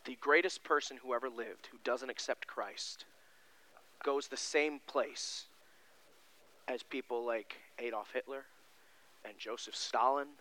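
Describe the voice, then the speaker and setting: A male pastor delivering a sermon in a folksy, emphatic way, swinging between loud stressed lines and quiet, low passages.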